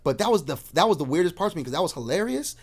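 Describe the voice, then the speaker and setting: A man's voice: a little high, very fast. A man from Arizona, a podcast guest telling stories in casual chat, acting out what people said and calling everyone "bro". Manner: animated storyteller, acts out quotes, says "bro" constantly.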